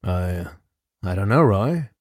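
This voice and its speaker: A man voicing a brooding male hitman who speaks quietly and flatly, with low menace. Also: slow pace, no room sound, clean studio sound, exaggerated voice. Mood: cold.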